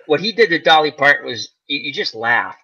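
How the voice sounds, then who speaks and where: A man hosting a casual chat about old comedy movies, animated and laughing as he acts out lines. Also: a little high, fairly quick, dull audio. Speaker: channel host.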